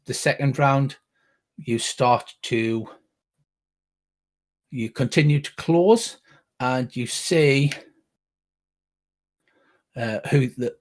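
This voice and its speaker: A middle-aged man narrating as game master, rambling with frequent restarts and casual swearing. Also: medium pitch.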